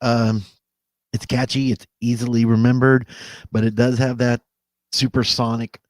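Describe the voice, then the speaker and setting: A man co-hosts a podcast in casual conversation, rambling, correcting himself as he goes and laughing at himself. His mid-range voice has little pitch movement and an unhurried pace. The studio sound is clean, with no room sound.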